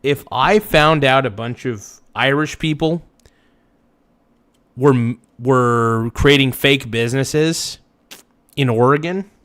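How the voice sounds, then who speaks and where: A man's voice: mid-range voice, slow, fairly bright tone, dry recording. Blunt, emphatic man ranting on a livestream. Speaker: livestream reaction host. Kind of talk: ranting reaction commentary.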